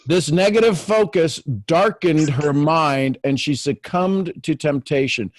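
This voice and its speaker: A man's voice: a little high, measured pace, no room sound. A man hosting a spiritual talk show, reading a devotional aloud in an earnest, preacherly way. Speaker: podcast host.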